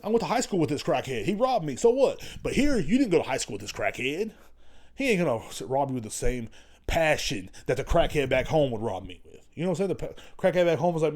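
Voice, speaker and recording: A man's voice: fairly high pitch, big pitch swings, fast talker. Brief: young male solo podcaster, casual and profane, rambles loosely. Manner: rambling, profane, jumps between stories. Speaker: podcast host.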